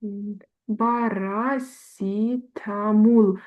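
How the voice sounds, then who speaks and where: Female student, very slow and halting delivery, muffled recording. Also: mid-range voice, steady tone. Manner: hesitant, sounds words out. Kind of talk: reading practice in a lesson.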